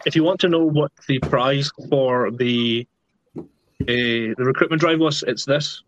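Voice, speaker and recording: A man's voice: mid-range voice, unhurried, highs cut off, a little hiss or hum. A British man, a beard club board member, teasing and bantering in casual chat. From United Kingdom.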